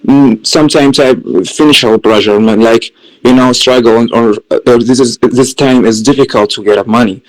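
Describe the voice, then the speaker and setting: A man in a group discussion who lists points hesitantly, often repeating words and pausing with fillers. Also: mid-range voice, steady tone, rough recording. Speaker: workshop participant.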